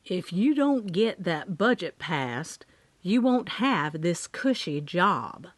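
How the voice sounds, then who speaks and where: A woman's voice: on the low side, very animated, slow pace, no room sound, exaggerated voice. Woman doing a biting small-town sheriff. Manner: biting, curt.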